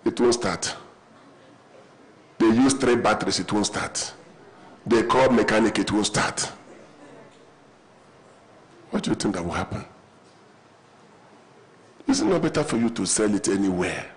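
A man's voice: on the low side, lively intonation, unhurried, long pauses, poor audio. A man preaching a sermon in a church auditorium, telling humorous stories and calling the congregation to respond. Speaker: pastor.

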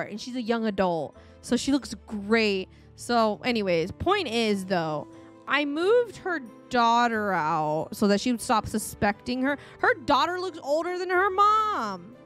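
A woman in her thirties chatting casually to viewers as a gaming streamer, rambling and talking to chat as she plays. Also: fairly high pitch. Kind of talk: casual gameplay commentary. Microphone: desk microphone.

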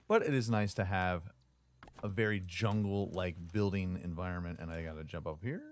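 A gaming YouTuber with a deep voice and moderate pace gives casual, jokey commentary while playing a survival building game, frequently taunting the creatures he fights.

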